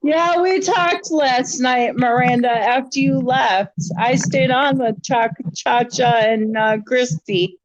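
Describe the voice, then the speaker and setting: A woman's voice: a little high, slow pace, few pauses, no room sound. A woman joining a live stream in casual chat, easygoing and teasing. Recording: dry muffled lo-fi sound.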